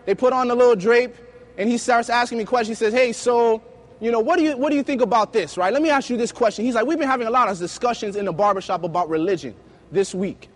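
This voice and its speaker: High-voiced man preaching with stories. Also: fast. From United States. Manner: lively storytelling, acting out dialogue. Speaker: youth preacher. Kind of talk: sermon with personal stories.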